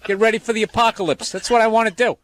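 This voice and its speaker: A man chatting as a guest, telling stories in a profane, animated way. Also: high-pitched, very fast. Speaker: comedian guest. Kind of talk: casual chat.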